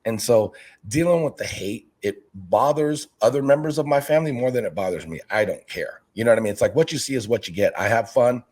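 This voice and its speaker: A husky-voiced middle-aged man talks in a relaxed interview. He is energetic and chatty and slips into quick voices to act out conversations. His pitch sits in an ordinary middle range. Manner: energetic, talkative, acts out quoted exchanges. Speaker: fish-keeping YouTuber and basketball coach, interview guest. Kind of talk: casual interview chat.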